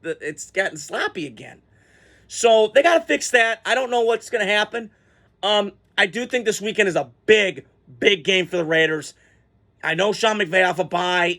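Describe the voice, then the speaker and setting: A man with a fairly high voice vents about his football team in a loose, rambling way, full of ums and restarts. He gets excitable and swears freely as he talks it through. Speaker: sports vlogger. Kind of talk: casual fan reaction rant.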